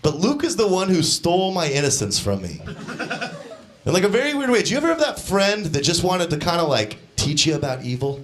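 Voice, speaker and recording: A young man doing a stand-up comedy set on a club stage, deadpan, now and then shouting out the lines of the people in his stories. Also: high-pitched, fairly quick. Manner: deadpan, acts out quoted characters with shouted voices. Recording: live club set with crowd laughter. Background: audience laughter.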